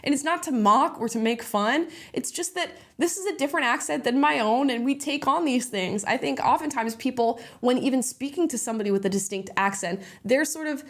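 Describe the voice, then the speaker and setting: A woman's voice: sits high, brisk, few pauses, fairly bright tone. A woman hosting casual reaction commentary, sarcastic and opinionated, breaking into laughs often. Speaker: host reacting to videos.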